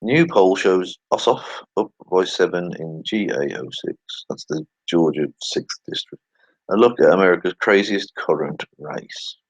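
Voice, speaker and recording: A man's voice: deep voice, a little slow, dry recording, low-quality recording. A man hosting a casual commentary video, reading tweets aloud with sarcastic, swearing asides and muttered remarks. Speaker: channel host.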